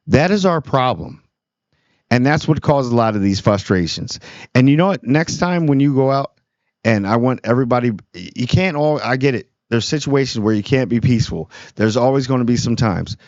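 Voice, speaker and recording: In a dull, dry lo-fi recording, a small YouTube channel host speaks earnestly about kindness in a casual monologue. He rambles and restarts his sentences often, his mid-range voice carrying a darkish tone.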